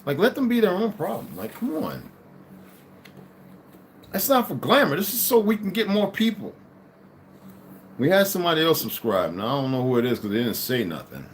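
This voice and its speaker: Rambling, animated man livestreaming. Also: on the high side, moderate pace, long pauses, a little hiss or hum. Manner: rambling, animated, swings between muttering and loud outbursts. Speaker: livestream host reading and commenting. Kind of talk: casual livestream talk with reading aloud.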